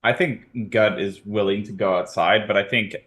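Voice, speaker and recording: A man's voice: lowish voice, fairly even intonation, moderate pace, fairly bright tone. A man playing a tabletop game, easygoing, describing what his character does. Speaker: player. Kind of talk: casual tabletop role-play.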